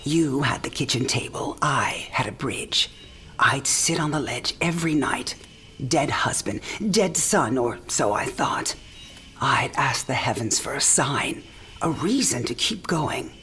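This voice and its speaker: An actress playing a frail, dying elderly mother, speaking softly in a breathy half-whisper. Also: rumbling low, animated, measured pace, full character voice. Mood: reflective. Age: older. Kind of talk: game cinematic acting.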